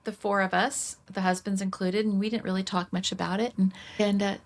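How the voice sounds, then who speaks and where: A middle-aged woman, a podcast guest, telling a candid personal story in an animated way. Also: fairly quick. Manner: animated, acts out quoted voices with big pitch jumps.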